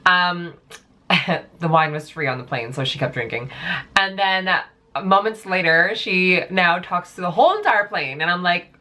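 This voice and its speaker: A woman's voice: fairly low pitch, animated, normal speed, pushed and bright. A young woman telling a storytime vlog in a chatty, casual way, full of "like" and "um". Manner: chatty, filler-heavy, lots of "like". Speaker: vlogger.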